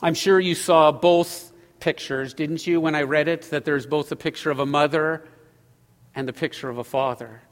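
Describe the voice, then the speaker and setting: A middle-aged male pastor preaching a sermon, swinging from loud emphatic lines to hushed ones. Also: on the high side, fairly even intonation, moderate pace. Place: church sanctuary. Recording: long hall reverb.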